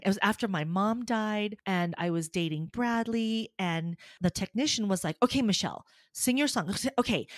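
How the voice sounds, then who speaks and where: A woman's voice: medium pitch, no echo. Opera singer lady chatting, laughs a lot, acts out the voices, dry close sound. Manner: animated storyteller, acts out quotes, laughs often. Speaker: guest, opera singer and voice teacher. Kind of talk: casual chat.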